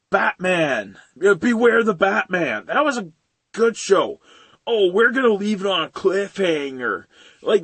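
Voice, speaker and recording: Swearing freely, this young man tears into animated movies in a ranting video review, venting at the studios behind them. There's no room sound, and his pitch is mid-range.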